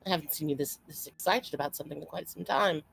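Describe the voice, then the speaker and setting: A woman voicing a reserved, formal young noblewoman who speaks in a measured, dry way. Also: low-pitched, vocal fry, a bit bright, husky, heavily acted.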